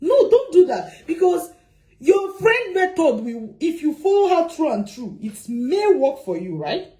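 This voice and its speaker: A woman giving advice as a migration consultant, animated and repeating her points with rhetorical questions. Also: sits high, unhurried, poor audio. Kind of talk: advice talk to camera.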